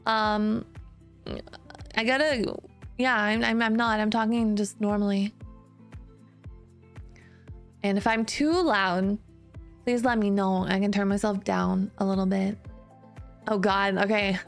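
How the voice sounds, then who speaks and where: A woman's voice: medium pitch, flat delivery, measured pace. A woman streamer chatting casually, laughing often while testing her new mic in a room with bare walls. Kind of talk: casual live-stream chat. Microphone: new studio mic, close. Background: faint background music.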